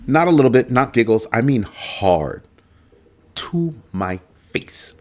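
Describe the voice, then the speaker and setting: A man's voice: on the low side, lively intonation, moderate pace. A man hosting a casual talk show, telling a story and mimicking a coworker with emphatic asides. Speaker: host. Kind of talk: casual chat.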